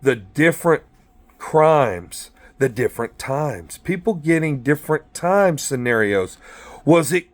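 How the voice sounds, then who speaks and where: A man's voice: fairly high pitch, slow pace. A man who is a former corrections officer, telling blunt, profane stories in a rambling monologue from inside a car. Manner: profane, blunt, animated storytelling.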